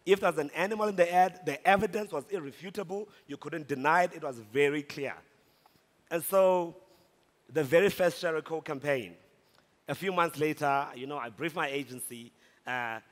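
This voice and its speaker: A man from South Africa giving a humorous, animated conference talk. He tells a story and rises into shouts at the punch lines. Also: on the high side, moderate pace. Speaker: speaker at a conference. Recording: long hall reverb.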